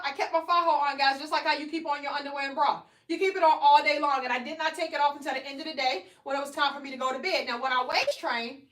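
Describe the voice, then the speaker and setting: This livestream host pitches shapewear during a live demo, keeping things chatty and persuasive as she checks in with viewers. A high, fairly bright female voice carries the clip. There's an echoey room sound, and she's positioned far from the mic.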